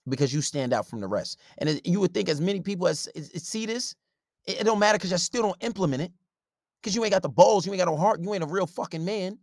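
A man's voice: on the high side, animated, quick pace, gravelly, no room sound, clean studio sound. A man delivering a blunt, profane advice rant in a confrontational way. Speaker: relationship advice commentator. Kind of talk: ranting advice monologue.

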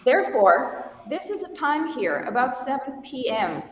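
A woman with an Italian accent, a guest on a podcast call, explaining things clearly. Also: high voice, very animated, measured pace. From Italy. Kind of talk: remote interview. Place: large echoey hall in Egypt. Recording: echoey hall with long reverb.

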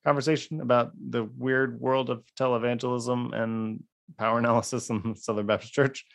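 A man's voice: mid-range voice, flat delivery, normal speed, vocal fry. A man co-hosting a podcast in casual chat, rambling and restarting with wry laughs. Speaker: podcast co-host.

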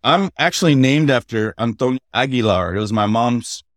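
A middle-aged man from the United States, a podcast guest telling lively stories and laughing as he goes. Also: medium pitch, moderate pace, dry recording, studio quality. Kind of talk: casual storytelling chat.

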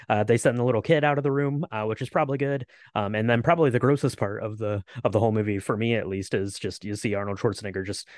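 A man's voice: fairly low pitch, dry recording, studio quality. A man co-hosting a podcast, casually recapping a film with lots of fillers and restarts. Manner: relaxed, many fillers and restarts. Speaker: podcast co-host. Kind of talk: casual movie recap chat.

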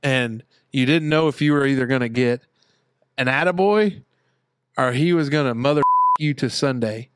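A man's voice: medium pitch, normal speed, smooth, no echo, studio quality. A man co-hosting a podcast, chatting casually and telling stories with emphasis. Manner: storytelling, emphatic. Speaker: podcast co-host. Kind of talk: casual chat.

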